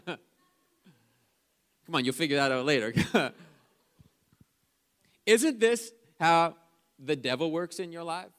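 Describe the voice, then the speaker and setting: A man preaching a sermon in a church service, energetic and chatty, calling out to the congregation between stories. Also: on the high side, unhurried, long pauses, clean tone. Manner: chatty storytelling asides. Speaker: pastor.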